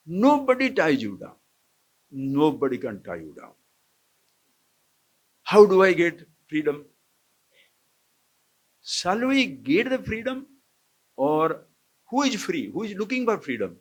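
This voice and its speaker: A high-voiced Indian swami teaches scripture to a live camp audience in an ashram lecture hall. He talks at a measured pace with big pitch swings and long pauses, often chuckling and questioning the people listening.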